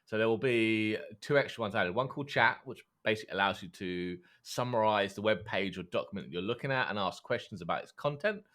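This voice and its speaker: A man co-hosting a casual tech podcast, explaining in a relaxed way with fillers. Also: lowish voice, a little fast, few pauses. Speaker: podcast co-host.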